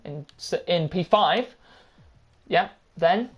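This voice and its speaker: A chatty woman hosting a live race stream in a slightly low voice. She talks briskly and is easily amused, shuffling through admin with quick asides. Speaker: race league host.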